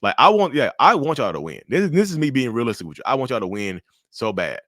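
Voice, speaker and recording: A man giving blunt, animated commentary to camera about relationships. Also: medium pitch, fast talker, dry recording, clean studio sound.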